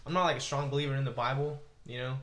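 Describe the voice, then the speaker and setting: A man's voice: medium pitch, fairly even intonation, rapid-fire, a bit bright. A young man co-hosting a podcast, laid-back and swearing freely as he laughs off bad luck. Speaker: podcast co-host. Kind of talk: casual chat.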